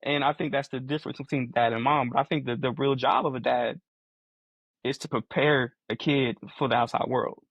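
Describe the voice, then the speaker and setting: A man's voice: medium pitch, steady tone, fairly quick, creaky, breathy edge, no echo, highs cut off. A man in his forties co-hosting a casual podcast chat, earnest and restating his points as he explains them. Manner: earnest, repeats phrases while explaining. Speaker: podcast co-host.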